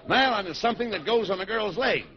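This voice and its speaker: A man's voice: sits high, expressive, fast talker, very noisy. A man playing the exasperated, scolding straight man in a 1940s radio comedy duo, on a dull old broadcast recording.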